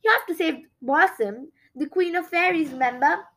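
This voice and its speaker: A woman's voice: very high-pitched, normal speed, a bit bright. A woman voicing a chatty, gossiping male frog in a storybook reading, chattering and bossy. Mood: scolding.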